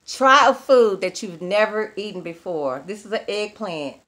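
A woman vlogging straight to camera in a loose, folksy way. She chats with viewers like old friends and laughs easily. Her voice sits at an ordinary middle pitch. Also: animated, moderate pace, fairly bright tone. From Texas. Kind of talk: casual chat to camera.

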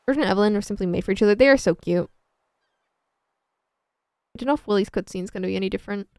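A woman's voice: mid-range voice, quick pace, a little mellow, smooth, no room sound, studio quality. A woman streaming a farming game, chatting casually and self-mockingly with her viewers. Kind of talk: casual gameplay commentary.

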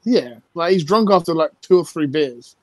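A man's voice: a little high, lively intonation, normal speed, darkish tone, no room sound. A tired man, a guest on a live stream, talking brash, sweary trash. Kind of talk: casual live-stream chat.

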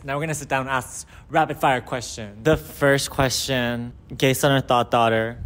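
A young man hosting a casual art school vlog, chatty and playful as he asks a friend quick questions. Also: medium pitch, fairly even intonation, fairly bright tone. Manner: chatty, playful interviewer, lots of "like". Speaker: vlog host, art student. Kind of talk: casual chat.

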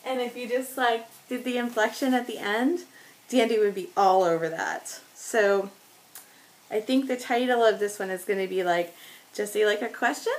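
With a slightly high voice at a moderate pace, this woman crafts a scrapbook layout while chatting, often laughing and poking fun at herself. She's a scrapbooking vlogger, and the recording is rough.

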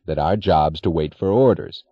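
A man's voice: low-pitched, moderate pace, no echo, muffled recording. A man reading the part of a train fireman who talks in a wry, mocking way.

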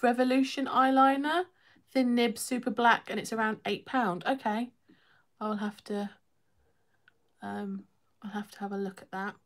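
A young woman chats casually on her live stream. Her voice sits a little high, and she talks in a loose, self-deprecating way, laughing often as she reads out comments. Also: fairly even intonation, a little slow, pauses often. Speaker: YouTuber hosting a live stream. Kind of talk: casual chat reading viewer comments.

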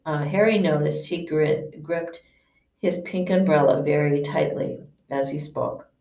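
A woman teacher reads a novel aloud in an unhurried, unpolished way, often stumbling and restarting words. Her voice is low and gravelly. It sounds distant and roomy, as if the mic sits far across a classroom. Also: warm tone. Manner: unpolished, frequent slips and restarts. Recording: echoey room, distant mic.

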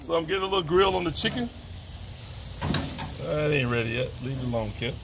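A man's voice: on the high side, animated, brisk, creaky, noisy background. A man, the show's host and grill chef, chatting easily and explaining his steps as he cooks outdoors at a grill. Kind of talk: casual cooking livestream chat.

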